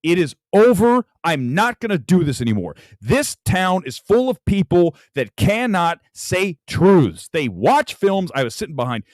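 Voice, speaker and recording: A man's voice: a little high, dry recording. A man hosting a live late-night movie talk show from home, ranting furiously and emphatically. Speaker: film critic host.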